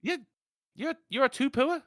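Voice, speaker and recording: A man hosting a livestream podcast, telling stories in a rambling, jokey, animated way in casual crude chat. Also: very high voice, measured pace, no echo, clean studio sound.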